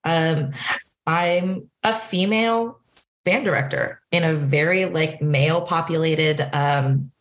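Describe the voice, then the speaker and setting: A woman's voice: low-pitched, slow pace. A young woman in her twenties from Southern California, a band director telling stories in a casual interview, laughing often. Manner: laughs often, animated storytelling with acted quotes.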